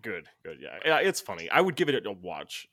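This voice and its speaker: A man's voice: fairly low pitch, wildly swooping pitch, fairly quick, pushed and bright. A man co-hosting a podcast, rambling and laughing through casual movie chat and swearing freely. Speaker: podcast co-host. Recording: remote quarantine recording.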